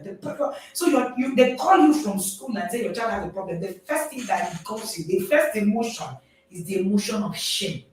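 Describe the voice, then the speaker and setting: Nigerian woman, parenting coach, lively audience talk, far off in a booming room. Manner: animated, laughs often, asks the audience "right?". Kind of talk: speaking to a live audience. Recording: very echoey, distant mic.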